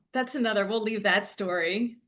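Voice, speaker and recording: A woman's voice: medium pitch, fairly bright tone. A young woman telling a rambling, laughing story in a casual monologue, full of fillers. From New Jersey. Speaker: spiritual coach.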